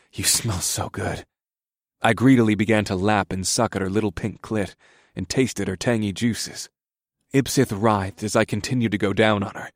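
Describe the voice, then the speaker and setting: A man narrating an erotic story in the first person, in a steady, subdued reading voice. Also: fairly low pitch, dry recording, clean studio sound.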